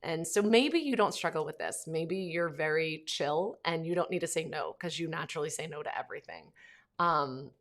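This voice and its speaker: A woman in her thirties hosts a casual faith podcast, speaking in a somewhat low voice. She talks straight to her listeners in a chatty, informal way, full of fillers, and reads out their comments as she goes. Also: lively intonation, normal speed. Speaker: podcast host.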